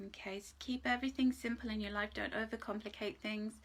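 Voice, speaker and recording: Speaking quickly in a steady, mid-range voice, this woman leads a live angel card reading meant to soothe and reassure. Emotion comes through often, along with frequent laughter and the occasional hushed whisper.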